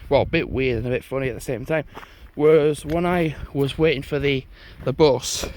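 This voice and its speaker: A man's voice: medium pitch, moderate pace, darkish tone, a little hiss or hum. A young man, chatting casually and rambling as he walks a moorland path, swearing now and then. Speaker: vlogger. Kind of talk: casual walking vlog. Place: outdoors on a moorland footpath.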